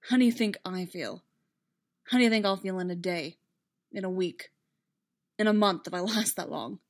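A woman reading aloud, voicing a weary, bruised male prisoner who speaks dryly and flatly. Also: medium pitch, moderate pace, natural voice. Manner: dry and flat. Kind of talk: fan fiction read aloud.

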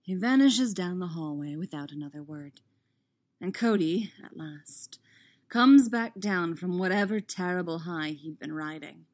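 A woman reading fan fiction aloud in a steady, expressive narration. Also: on the low side, measured pace. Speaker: audiobook reader.

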